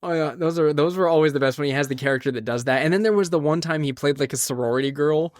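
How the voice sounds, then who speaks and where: A man hosting a podcast in casual chat, joking and rambling quickly. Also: on the high side, no room sound, clean studio sound. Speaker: podcast host.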